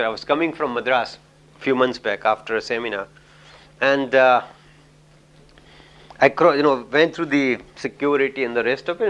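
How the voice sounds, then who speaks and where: A man's voice: medium pitch, a bit bright, highs cut off. A middle-aged man from India giving a lecture on communication, telling anecdotes in a chatty way with many "you know"s and laughs.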